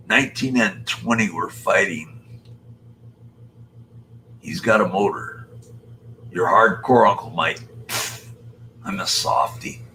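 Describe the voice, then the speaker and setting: A man's voice: on the low side, pushed and bright, a little hiss or hum, poor audio. An older man hosting a casual live stream, chatting and joking as he greets viewers by name. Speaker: live-stream host reading chat.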